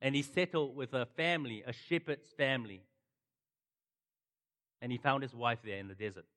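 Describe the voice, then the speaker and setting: A middle-aged man preaching a sermon and telling the story with animated swings from loud to hushed. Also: medium pitch, moderate pace, in a large hall. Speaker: pastor.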